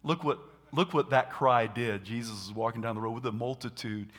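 A man preaching a sermon, animated, acting out scenes and shouting dramatically. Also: medium pitch, brisk.

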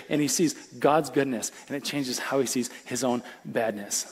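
A male pastor preaching a sermon in an animated, conversational way, full of casual fillers. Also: medium pitch, quick pace, few pauses. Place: church auditorium.

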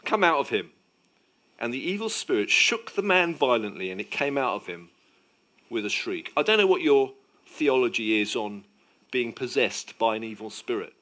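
A man preaching a sermon with emphatic delivery, swinging between loud declarations and hushed moments. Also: mid-range voice, very animated, normal speed.

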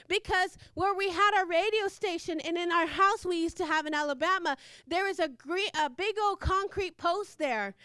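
A woman's voice: very high-pitched, moderate pace, hardly any pauses, pushed and bright, no echo, studio quality. A woman preaching a fervent sermon, repeating phrases and laughing between lines.

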